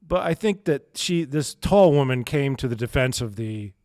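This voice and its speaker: A man's voice: mid-range voice, expressive, moderate pace, a little mellow, no echo, clean studio sound. A man co-hosting a podcast, telling a story in casual chat with many fillers and frequent laughs. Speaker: podcast co-host.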